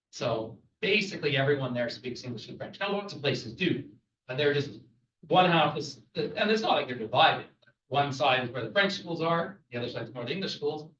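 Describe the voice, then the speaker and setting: A man's voice: mid-range voice, a bit bright. Canadian man lecturing in an echoey room. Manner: chatty, jokey, asks the audience questions. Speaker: travel lecturer. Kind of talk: lively classroom talk. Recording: echoey, muffled, distant room recording.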